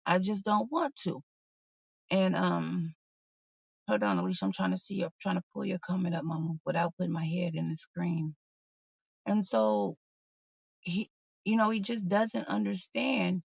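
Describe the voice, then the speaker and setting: A woman's voice: on the low side, moderate pace, vocal fry, breathy edge, no echo. A woman hosting a livestream, talking candidly and bluntly in a rambling, casual way to her viewers. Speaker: livestream host. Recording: dull, slightly lo-fi sound.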